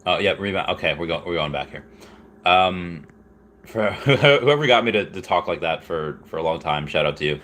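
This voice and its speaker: Male host in his thirties, lower-pitched, rambling and excitable, casual livestream chat with faint noise behind. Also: normal speed. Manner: rambling, with frequent restarts and fillers.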